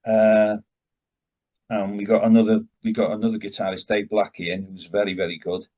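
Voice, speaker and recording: A man's voice: on the low side, level tone, brisk, warm tone, highs cut off. Older man telling rambling rock-band stories. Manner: rambling, digressive anecdotes with many restarts. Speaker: rock vocalist, interview guest. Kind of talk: casual storytelling interview.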